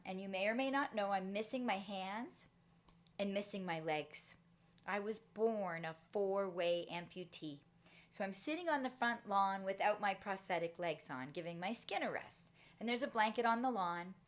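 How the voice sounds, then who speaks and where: A middle-aged woman giving a motivational talk, telling a personal story and acting out the voices in it. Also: medium pitch. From Canada. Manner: animated, acts out voices in her story. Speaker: motivational speaker.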